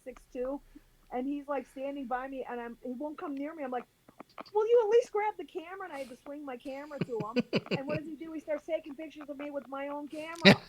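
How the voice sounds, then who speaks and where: A woman tells a story over a video call with a fairly high voice and a lot of animation. She acts out the people in it as she goes and laughs through parts of it. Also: steady tone, fast talker, low-quality recording. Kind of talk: casual storytelling.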